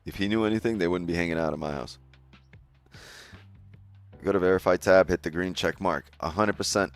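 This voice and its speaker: A man with a deep voice hosts a casual trading livestream, speaking briskly over faint music. He talks straight to his chat in a loose, joking way and swears often.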